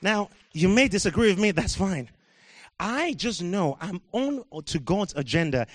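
High-voiced preacher man from Africa. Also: sing-song, a little slow, dry recording. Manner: swings from quiet musing to loud shouting, laughs at himself. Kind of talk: sermon.

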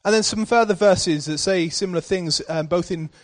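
A male preacher with a somewhat high voice, delivering a sermon to his church. He opens with warm personal storytelling, then rises into emphatic, forceful readings of scripture. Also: moderate pace.

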